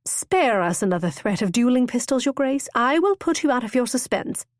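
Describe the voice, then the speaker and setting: A woman voicing a lively young noblewoman. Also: on the high side, normal speed, no room sound, studio quality, voice pushed up. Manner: bright, eager, storytelling. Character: impulsive witty young noblewoman, theatrical.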